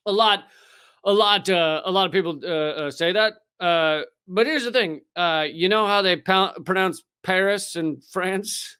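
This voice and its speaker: A man with a high, smooth, clear voice riffs through a comedic news monologue on a live stream. He talks loosely and sarcastically, swears freely and stumbles through plenty of fillers. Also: moderate pace, a bit bright. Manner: loose, profane, sarcastic riffing with many fillers.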